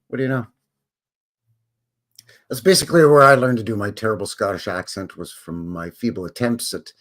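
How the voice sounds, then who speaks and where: A man's voice: on the low side, a bit bright. A man hosting a casual livestream from a room at home, chatting in a rambling way and interrupting himself. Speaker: channel host. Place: home room with windows open.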